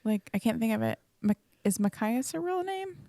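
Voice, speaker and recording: A woman's voice: on the high side, sing-song, moderate pace, dark tone, dry recording, clean studio sound. A woman chatting casually on a podcast, blunt and swearing now and then. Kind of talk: casual chat.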